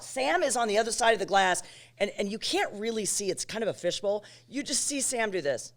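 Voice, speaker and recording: Animated middle-aged woman telling a story. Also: medium pitch, moderate pace. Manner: animated storyteller who acts out quotes, rising to near shouting. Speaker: radio talk show co-host. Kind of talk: candid podcast interview.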